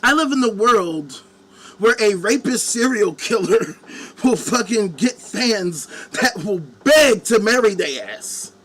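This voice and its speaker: A man's voice: high-pitched, expressive, takes it slowly, a bit bright. A man hosting a live stream, ranting angrily with heavy swearing and mocking the people he quotes. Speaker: live-stream commentary host. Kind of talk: profane ranting monologue. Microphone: webcam.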